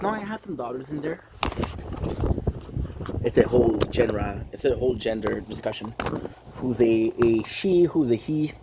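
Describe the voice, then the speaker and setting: A gaming streamer with a mid-range voice chats casually on a livestream, playful and rambling, dropping in French phrases. The recording is very noisy.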